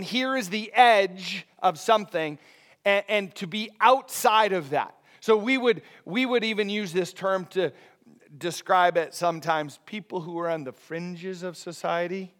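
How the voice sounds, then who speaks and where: A man, a pastor, preaching a conversational sermon and often checking in with the congregation. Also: a little high. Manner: conversational, animated, often asking "right?".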